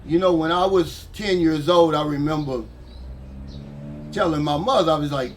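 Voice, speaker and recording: A man's voice: on the high side, normal speed. An older man from the United States, talking casually and heatedly to camera as a vlogger. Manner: frustrated, heated, conversational.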